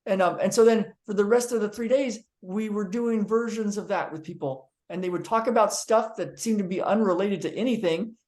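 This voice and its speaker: Male therapist telling a personal story on camera, lively and rambling. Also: high-pitched, fairly quick, few pauses. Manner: animated storyteller, acting out quotes; frequent ums and restarts. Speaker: physical therapist. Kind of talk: storytelling monologue to viewers.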